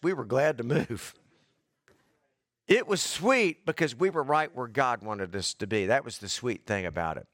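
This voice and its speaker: A man's voice: fairly high pitch, a bit bright, dry recording, clean studio sound. A middle-aged man preaching a sermon in an earnest, conversational way, calling on people in the congregation by name.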